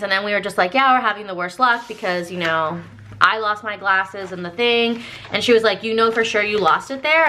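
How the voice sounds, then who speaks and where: A woman's voice: mid-range voice, sharp tone. A woman with a Southern American accent chats through a long story as she works on her planner. She talks loosely, with lots of fillers, and acts out the dialogue of the people in it. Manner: chatty, many fillers, quotes others in dialogue. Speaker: planner vlogger. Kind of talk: casual storytelling while planning.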